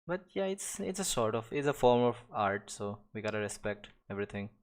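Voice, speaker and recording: Young man, lowish voice, casual stream chat, rambling, restarts, light chuckles. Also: very animated, a little fast. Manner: rambling, many restarts and fillers, chuckles often. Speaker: live-stream digital artist. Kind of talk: casual chat while drawing.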